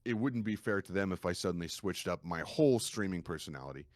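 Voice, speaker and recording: A man's voice: sits low, lively intonation, fast, no echo, clean studio sound. A man speaking as a guest streamer in a casual podcast chat, earnest and matter-of-fact.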